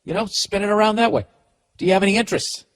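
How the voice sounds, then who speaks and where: A man's voice: sits high, fast talker. A middle-aged man with a Boston accent, hosting a comedy podcast and giving sarcastic, profane, rambling advice full of restarts.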